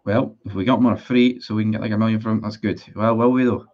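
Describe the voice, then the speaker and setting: A man's voice: lowish voice, fairly even intonation, fast, muffled recording. A man in a casual livestream, reading out viewer comments and answering them in a blunt, sweary, sarcastic way. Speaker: football fan streamer.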